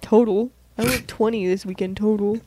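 A young woman co-hosting a casual podcast, talking in halting, restarting sentences. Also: mid-range voice, fairly even intonation, noisy background. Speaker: podcast co-host.

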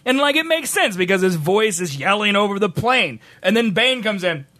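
A man's voice: moderate pace, no echo. A young man co-hosting a podcast, joking in casual chat and reading news aloud. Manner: animated, joking, swings pitch widely. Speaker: podcast co-host.

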